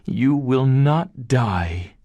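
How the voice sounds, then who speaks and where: A man's voice: mid-range voice, animated, drawn-out words, dark tone, dry recording, pitched above the performer's own voice. Man putting on a kind young heroine. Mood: earnest. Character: brave, kind young woman.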